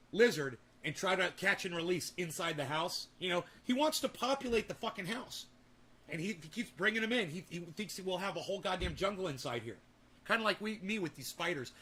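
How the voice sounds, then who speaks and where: A man's voice: high-pitched, sharp tone. A man telling rambling, profanity-laden stories in a casual home vlog. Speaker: vlogger. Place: home with garden and indoor grow.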